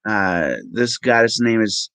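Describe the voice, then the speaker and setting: A man reads aloud to his vlog audience at an unhurried, plodding pace. His voice sits on the low side, and he often stops with an "uh" or goes back to fix a word. The sound is dry and close, with no room echo. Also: a bit bright, clear, resonant tone. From Minnesota. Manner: halting, with ums and self-corrections. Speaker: vlogger. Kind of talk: reading aloud from web pages.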